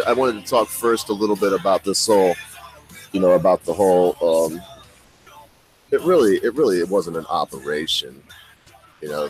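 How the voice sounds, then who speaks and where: Casting: middle-aged man, deep voice, loose rambling vlog storyteller, soft music behind. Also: rough recording. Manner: rambling, self-deprecating, laughs often. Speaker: vlogger. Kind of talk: casual storytelling to viewers.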